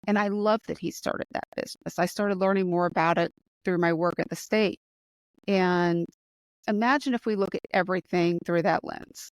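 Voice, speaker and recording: A woman's voice: moderate pace, dry recording. A woman hosting a conversational interview, from the United States, talking in an enthusiastic and emphatic way. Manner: enthusiastic, emphatic, rising pitch when excited. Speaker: podcast host.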